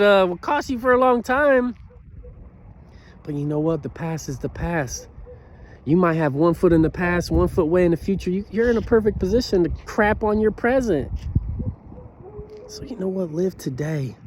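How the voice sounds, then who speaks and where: A man in his thirties giving a motivational talk to camera, earnest and preachy, who keeps asking "you know what?" and swings between loud bursts and quiet, low passages. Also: slight background noise. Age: 30s. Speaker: motivational speaker.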